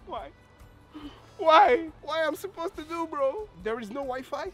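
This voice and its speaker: A man's voice: extremely high pitch, animated, a little slow, pushed and bright, soft background music. A man filming a joking complaining vlog, whiny and slangy, calling everyone "bro" and mixing in French words.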